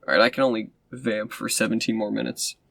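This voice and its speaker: A man's voice: lowish voice, level tone, a little fast, gravelly, a bit bright, dry recording. A man casually recapping a film he reviews, sarcastic and rambling with lots of fillers and asides. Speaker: movie reviewer.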